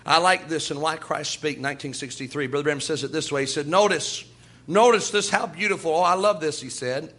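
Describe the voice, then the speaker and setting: A man's voice: a little high, fast, hardly any pauses, pushed and bright. A man preaching a sermon with fervor, quoting scripture and acting out quoted voices.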